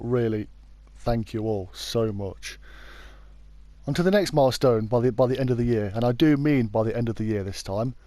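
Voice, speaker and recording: A British man narrates a true crime story in a loose, conversational way, often doubling back to fix what he just said. His voice is mellow and relaxed, and the sound is dry and close. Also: medium pitch, no echo. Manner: chatty, informal, often backtracks to correct himself. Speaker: YouTube true crime host.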